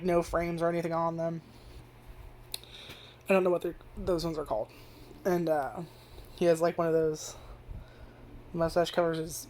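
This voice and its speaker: A woman's voice: lowish voice, a little mellow. A young woman casually reviewing an anime, rambling and swearing, with lots of "like" fillers. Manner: rambling and profane, heavy use of filler "like".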